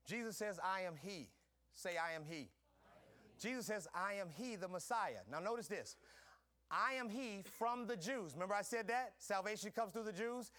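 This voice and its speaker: High, bright-voiced male preacher. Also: expressive, brisk. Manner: preaching with call-and-response, swinging from soft to shouting. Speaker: pastor. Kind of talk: sermon.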